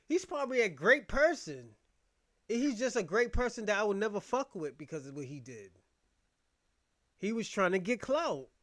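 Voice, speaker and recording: Heated, high-voiced man ranting. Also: sing-song, normal speed, a bit bright. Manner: heated, blunt, profane and repetitive. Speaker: commentary host. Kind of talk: casual rant commentary.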